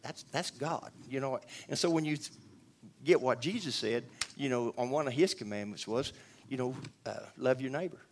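A man's voice: mid-range voice, moderate pace, slight background noise. A man giving a rambling, earnest spoken testimony to a church audience, full of restarts and asides.

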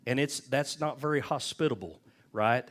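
A pastor with a mid-range, fairly bright voice delivers a conversational sermon at normal speed. Storytelling from his own life, he frequently checks in with his listeners by asking "amen?" and "okay?".

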